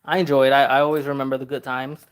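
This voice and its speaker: A Trinidad-born man in his thirties hosts a relaxed livestream and answers viewer comments one by one. He reads each question aloud and replies in a loose, easygoing way, laughing often. His talk stays chatty and informal throughout. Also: medium pitch, racing, clean tone. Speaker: car customizing channel host.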